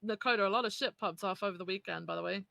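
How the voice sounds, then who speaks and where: Gravelly, playful woman in roleplay. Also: medium pitch, very fast, bright, forceful tone, no echo, clean studio sound. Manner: playful, mocking. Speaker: police officer roleplayer. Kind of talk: casual in-character roleplay chat.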